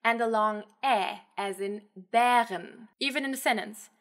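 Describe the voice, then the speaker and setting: A woman explaining pronunciation to camera as a language teacher, clear and patient, saying example words slowly. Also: mid-range voice, a bit bright.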